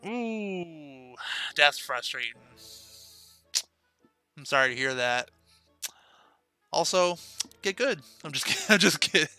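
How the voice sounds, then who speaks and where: A man's voice: a little high, expressive, takes it slowly, pauses often, pushed and bright, faint music behind. A young man streaming a game, chatting casually with viewers and laughing often. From United States. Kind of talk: casual live-stream chat while playing.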